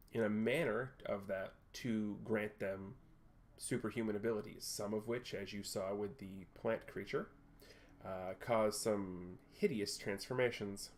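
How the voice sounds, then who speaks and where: A man voicing a self-assured wealthy male tech executive who talks in a polished, measured, slightly condescending way in a tabletop game. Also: lowish voice, darkish tone.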